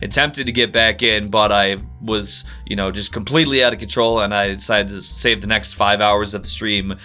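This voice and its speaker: A man co-hosting a comedy podcast, rambling through deadpan bits over a steady static hiss. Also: on the low side, normal speed, soft background music. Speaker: podcast co-host.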